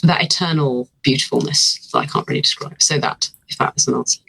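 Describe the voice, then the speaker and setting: A British guest on a podcast with a bright, forward voice, musing and wandering through their answers with some self-mockery. The tone sits in an ordinary middle pitch and the talk stays easygoing and chatty. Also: wildly swooping pitch, brisk, gravelly, slightly rough, rough recording. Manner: thoughtful, rambling, self-deprecating. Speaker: guest actor. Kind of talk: casual interview chat. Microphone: remote call.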